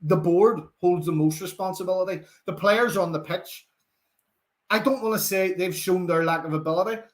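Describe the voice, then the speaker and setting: Young Northern Irish male host, lively fan chat, higher-pitched delivery. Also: moderate pace. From Northern Ireland. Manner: chatty, animated, reads out viewer comments. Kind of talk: live football watchalong chat.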